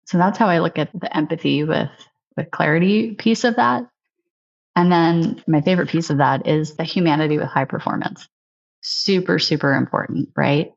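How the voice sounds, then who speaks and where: A woman's voice: sits low, moderate pace, gravelly. A woman guest on an interview show, telling earnest, reflective stories and often checking in with "right?". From United States. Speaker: guest, sales leader. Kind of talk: casual interview talk. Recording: slightly dull, lo-fi sound.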